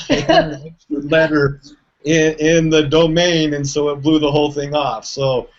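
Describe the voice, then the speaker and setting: A man's voice: a little high, little pitch movement, unhurried, lo-fi sound. A man on a video call who laughs and pokes fun at his own mistake. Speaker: guest. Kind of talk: casual chat.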